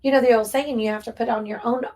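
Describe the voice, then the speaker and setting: A woman's voice: on the high side, fairly even intonation, quick pace, a little mellow. A woman with an East Tennessee accent who runs a relief shelter, recounting a hard moment in earnest, heartfelt conversation. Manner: earnest, tearful recollection with Southern phrasing. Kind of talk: emotional storytelling in conversation.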